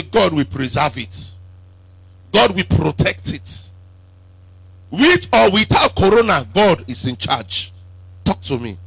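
A man preaches with a bright, gravelly voice that leaps up and down in pitch. He swings between loud declarations and quiet asides and keeps asking the congregation whether they follow him. The sound is close and dry, with almost no room echo. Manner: emphatic call-and-response preaching, swinging from shouts to low asides. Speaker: apostle preaching. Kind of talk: sermon.

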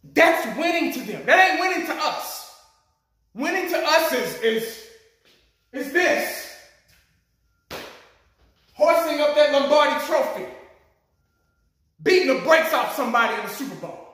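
A man's voice: very high-pitched, sharp tone. A man vlogging as a sports fan, ranting animatedly with plenty of profanity. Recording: very echoey room.

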